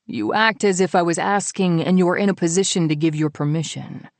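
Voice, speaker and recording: A woman's voice: on the low side, a little fast, no echo, close to an everyday voice. A woman voicing a stern, possessive man who speaks curtly and with menace in an audiobook. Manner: curt, menacing. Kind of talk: audiobook character voice.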